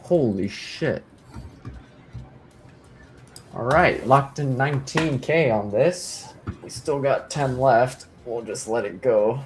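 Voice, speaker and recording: A man streaming live day trading, calling out orders and reacting excitedly to price moves, often swearing. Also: medium pitch, measured pace, a little hiss or hum. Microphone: headset over voice chat.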